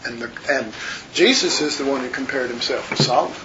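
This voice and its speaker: In a brisk, mid-range voice, a man runs a Bible study, rambling earnestly and conversationally and calling his listeners folks. Faint hiss sits under the muffled, lo-fi recording.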